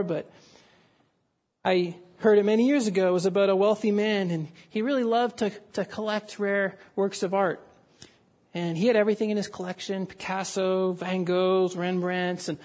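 A man preaching a sermon, telling a story with dramatic rises and falls. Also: high-pitched. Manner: dramatic storytelling, voices raised for the crowd.

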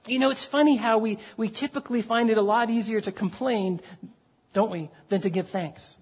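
A man's voice: sits high, normal speed, husky. A man preaching a sermon as pastor, earnest and conversational, with frequent fillers and repeated words.

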